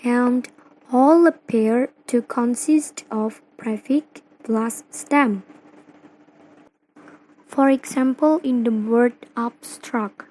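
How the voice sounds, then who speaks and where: A young woman from Indonesia with an Indonesian accent, reading a class presentation slowly and carefully, phrase by phrase. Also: a little high, a little mellow, poor audio. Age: young adult. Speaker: student presenter. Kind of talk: read-aloud class presentation.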